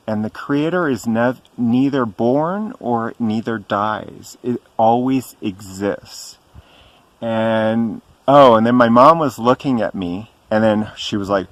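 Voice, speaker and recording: Slow, hesitant middle-aged man. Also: on the low side. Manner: slow and hesitant, frequent ums and pauses. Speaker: spiritual vlogger. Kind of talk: personal storytelling to camera.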